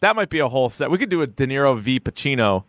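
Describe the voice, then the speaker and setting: Male podcast co-host, blunt and opinionated, mid-pitched voice, dry studio sound. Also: sing-song, racing, a bit bright, no echo. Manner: blunt, opinionated, swears casually. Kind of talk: casual chat.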